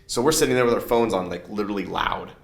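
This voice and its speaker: A man telling a story as a guest in a conversational interview, animated and quick to laugh. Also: on the low side, creaky, echoey room. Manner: animated, acts out other people's lines, laughs often.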